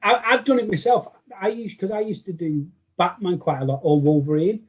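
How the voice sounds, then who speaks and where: A man's voice: sits high, brisk, breathy edge. A man with a Manchester accent, a guest chatting casually in an interview and often restarting his sentences. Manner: rambling, lots of restarts and self-corrections. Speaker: guest cosplayer.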